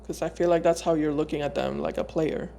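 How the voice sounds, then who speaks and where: A woman giving a casual tarot reading to her viewers. She talks in a loose, searching way, often pausing and repeating words before going on. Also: low-pitched, sing-song, dark tone, slight background noise. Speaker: tarot reader.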